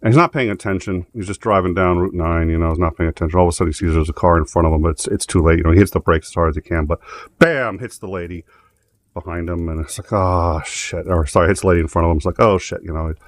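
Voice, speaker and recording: Low-voiced man telling rambling stories. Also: steady tone, rapid-fire. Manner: rambling storyteller with many restarts. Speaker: host. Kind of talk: casual chat.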